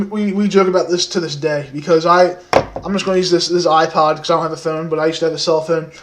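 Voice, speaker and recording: A man in his twenties telling a story casually to the camera, soft-spoken and rambling, with many fillers. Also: high voice.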